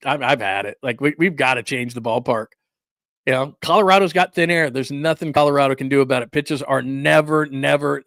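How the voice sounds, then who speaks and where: A man hosting a solo sports livestream rants in a slightly high voice, with quick asides and laughs, and he stops to greet viewers in the chat. The sound is close and dry, with no room echo. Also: fairly bright tone. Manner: reads and answers live chat. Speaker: sports talk host.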